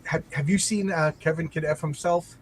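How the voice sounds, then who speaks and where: A man in casual chat, retelling a TV show in a rambling, animated way, full of restarts and quoted lines. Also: fairly high pitch, moderate pace, poor audio. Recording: faint background noise.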